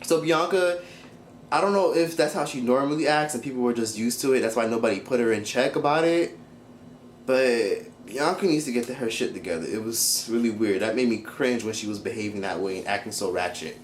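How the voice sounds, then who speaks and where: A young man casually reviewing a reality show, blunt and profane, talking in an animated way. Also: mid-range voice, brisk, echoey room, slight background noise. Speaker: YouTube commentator.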